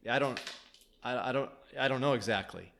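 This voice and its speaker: A man's voice: mid-range voice, fairly quick, creaky, a bit bright, a little hiss or hum. Rambling, profane male storyteller. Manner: rambling, many restarts, profane. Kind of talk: casual chat, storytelling.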